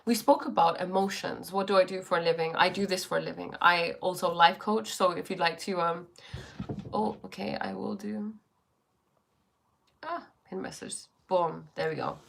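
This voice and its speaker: Slight background noise sits behind this livestream host, a life coach whose fairly low voice carries vocal fry, fairly even intonation and a normal pace. She casually reads and answers viewer comments, speaking reflectively, questioningly and spiritually.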